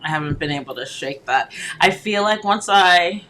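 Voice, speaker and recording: A woman's voice: fairly low pitch, expressive, moderate pace, fairly bright tone, slight background noise, poor audio. A woman co-hosting a casual book club chat with friends, laid-back and slangy, with a valley girl voice and frequent laughter.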